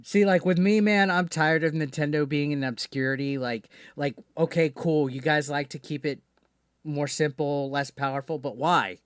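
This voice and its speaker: The streamer host's voice is slightly high and smooth, holding a steady tone at a moderate pace. He rambles casually through a live call-in stream, cursing and restarting often, on a dry, clean studio recording.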